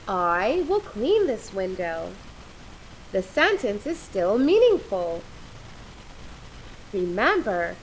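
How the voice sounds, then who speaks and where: A woman explains grammar at an unhurried pace. Her pitch is a little high and swings widely as she stresses each example. A faint hiss sits under the recording. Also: fairly bright tone, poor audio. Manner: patient, repeats examples with careful emphasis. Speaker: English grammar teacher. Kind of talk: slow, deliberate classroom explanation.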